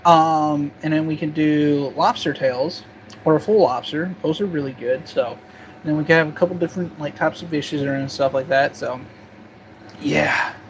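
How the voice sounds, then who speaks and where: A man's voice: a little high, fairly even intonation, normal speed. A young man hosting a casual vlog, joking and chatting while he eats, with a faint hum in the background. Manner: laid-back, jokey, talks while eating. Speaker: gun channel host. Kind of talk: casual cooking vlog chat.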